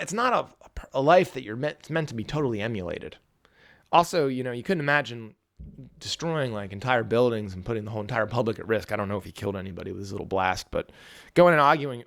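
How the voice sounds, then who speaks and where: A man's voice: medium pitch, gravelly, a bit bright. A man hosting a podcast, talking casually and profanely about a book, with frequent restarts. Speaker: podcast host.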